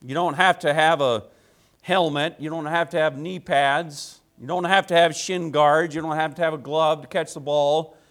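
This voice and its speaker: With a fairly high pitch and steady tone, a male pastor preaches at a moderate pace, his sound fairly bright. His address to the congregation is folksy and conversational, marked by emphatic repeated phrases and rhetorical questions.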